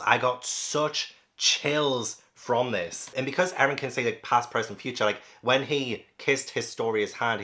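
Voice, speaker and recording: Rambling man reviewing manga. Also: medium pitch. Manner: rambling, animated, heavy use of "like". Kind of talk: casual spoken review.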